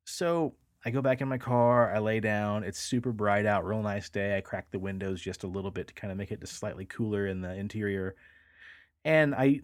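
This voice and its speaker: Male podcast host, lower register, close dry sound, loose filler-heavy storyteller who swears casually. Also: dry recording.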